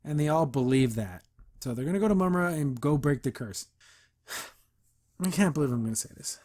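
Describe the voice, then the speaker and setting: A male podcast host talks through a cartoon episode in a loose, casual recap. He keeps breaking off into mocking, disbelieving asides about what happens. His voice sits a little on the high side. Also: expressive, normal speed, a little mellow. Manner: mocking, incredulous asides with chuckles.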